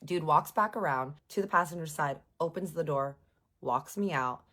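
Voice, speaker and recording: A woman with a low voice tells a personal story in a casual vlog. She is sarcastic and animated, and she swears freely. Her delivery is lively, with quick asides and jokes. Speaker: vlogger.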